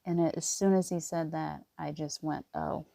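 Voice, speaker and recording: A woman giving gentle spiritual encouragement in casual live talk, rambling with restarts and often near tears. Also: sits low, fairly even intonation, moderate pace, vocal fry, dry recording. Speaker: spiritual reader.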